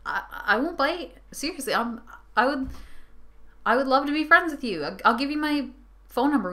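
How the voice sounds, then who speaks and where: Bright-voiced young woman ranting, giggly. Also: on the high side. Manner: rambling, giggly, sarcastic asides. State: tired from no sleep. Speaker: vlogger. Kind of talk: casual rant to camera. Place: her bedroom.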